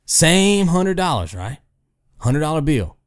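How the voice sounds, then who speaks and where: A gaming video host with a slightly high, clean-toned voice speaks slowly while ranting casually to the camera. He's animated and rhetorical, spinning hypothetical stories and repeatedly asking "right?"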